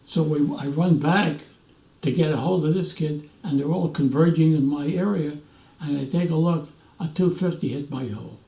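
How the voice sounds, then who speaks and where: A man in his nineties, a veteran, telling animated stories in an interview and acting out the voices of others. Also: on the high side, moderate pace, vocal fry. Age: 90s. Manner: animated storyteller, acts out quoted voices, restarts often. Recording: roomy echo, mic at a distance.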